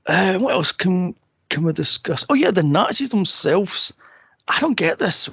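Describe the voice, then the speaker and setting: A man hosts a casual movie podcast, lively and bouncy in pitch, often laughing and acting out quotes. His voice is slightly high with a gravelly fry. The sound is dry and a bit dull and lo-fi. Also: no room sound. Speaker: podcast host. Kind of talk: casual chat.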